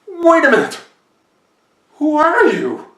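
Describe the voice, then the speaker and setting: A man's voice: mid-range voice, expressive, measured pace, close to an everyday voice. A man doing a desperate hard-luck farmer. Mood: despairing. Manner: exasperated, pleading outbursts. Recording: echoey room from far off.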